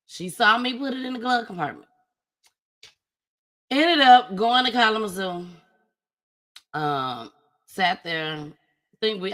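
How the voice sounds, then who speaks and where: A woman hosting her own show, telling a personal story in an animated, casual way with big swings in pitch and loudness. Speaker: host.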